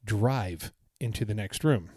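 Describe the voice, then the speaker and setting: A man's voice: on the low side, a little slow, mellow, slightly rough, no echo, clean studio sound. A man co-hosting a podcast, recounting his trip in a casual, enthusiastic, rambling way. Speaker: podcast co-host. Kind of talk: casual chat.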